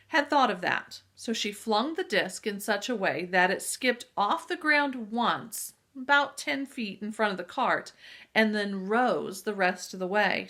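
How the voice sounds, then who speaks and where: A woman reading a children's adventure novel aloud with lively storytelling and occasional asides to listeners. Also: mid-range voice. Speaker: reader.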